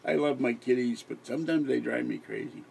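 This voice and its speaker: A man's voice: medium pitch, fairly quick, creaky, a little mellow, slight background noise. Worn-out older man rambling late at night. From Pittsburgh area. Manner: tired, rambling, giggly, with frequent restarts. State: exhausted, sleep-deprived. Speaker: live stream host. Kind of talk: rambling late-night live stream chat.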